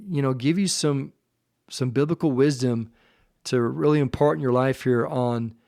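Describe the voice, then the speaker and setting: A man's voice: mid-range voice, a little mellow, no echo. Man, podcast host, earnest heartfelt monologue, dry close sound. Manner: earnest, emotional, choked up at times.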